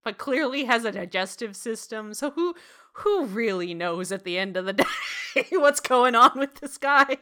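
A woman's voice: on the high side, lively intonation, normal speed, pushed and bright. A young woman co-hosting a casual chat, laughing often as she jokes along.

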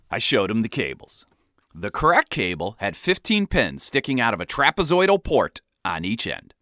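A man telling a comic first-person story in a wry, animated way. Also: mid-range voice, moderate pace, dry recording, studio quality.

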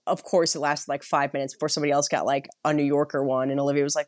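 A woman's voice: low-pitched, fairly even intonation, very fast, hardly any pauses, no echo, clean studio sound. A woman co-hosting a podcast, telling rambling stories in casual chat and playfully mimicking other people's voices. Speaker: podcast co-host. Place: Boston area.

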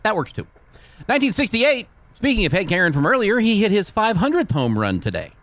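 Animated man reading sports trivia. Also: high voice, fairly quick, no echo. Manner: animated, teasing, laughs often. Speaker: co-host reading the day in history. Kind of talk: casual sports radio banter.

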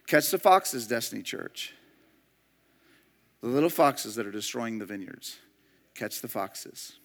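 Bright-voiced man preaching with emphasis. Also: medium pitch, lively intonation, a little slow. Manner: emphatic preaching, swings from loud to hushed storytelling. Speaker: pastor. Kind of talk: sermon.

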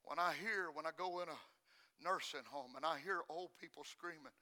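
A male preacher delivering an impassioned sermon, his voice pitched very high and cutting. He moves from near-whispered, intimate passages to full shouting. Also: expressive, measured pace. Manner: impassioned, swings from hushed to shouting.

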